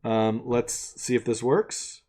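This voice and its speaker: A man's voice: medium pitch, fairly even intonation, takes it slowly, a little mellow. A man hosting a live coding stream, casually thinking aloud and narrating each step as he works from an attic room.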